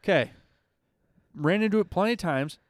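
A young man co-hosting a casual podcast chat, ranting in an animated way and swearing freely. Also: high voice, moderate pace, no echo, studio quality. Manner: animated ranting, acts out people in quoted voices, swears freely. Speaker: podcast co-host.

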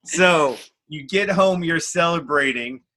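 Guy hosting a podcast, brightish higher voice, chimes in a lot. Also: slow. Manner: chimes in often with short reactions. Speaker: podcast host. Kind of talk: casual interview.

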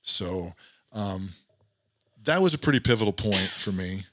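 A man's voice: fairly low pitch, expressive, unhurried, pushed and bright, no echo, studio quality. A middle-aged man recounting a painful memory in an interview, earnest and reflective, with many fillers. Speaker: guest. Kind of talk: personal storytelling in an interview.

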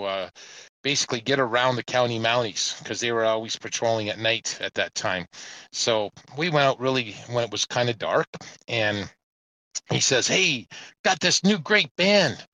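A man's voice: medium pitch, no echo, rough recording. Rambling man telling a story. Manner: rambling, animated anecdote telling with chuckles. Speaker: podcast panelist. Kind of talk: casual storytelling chat. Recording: music playing underneath.

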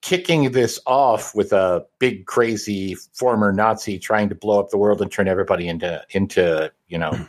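A man co-hosting a casual comic review chat, measured and analytical. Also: fairly low pitch. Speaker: podcast co-host.

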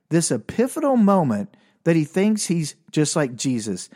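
A man talks through a casual comedic monologue in a loose, rambling way, restarting his sentences often. He pokes fun at himself, and his voice swings widely in pitch. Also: animated, moderate pace, a little mellow. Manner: rambling, self-deprecating, many restarts. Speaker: podcast host.

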